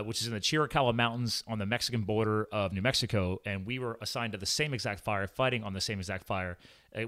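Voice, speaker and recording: A man in his thirties, a former hotshot firefighter hosting a casual chat, rambling and quick to laugh. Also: on the low side, pushed and bright.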